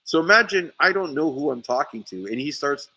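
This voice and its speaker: A man recounting a feud in an animated, heated way, cursing freely and tripping over his own words. His voice is bright and forward. It sounds like a casual podcast conversation. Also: a little high, fairly quick, breathy edge, no echo, low-quality recording. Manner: animated storytelling, swears often, many restarts. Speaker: sea moss seller. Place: St. Lucia.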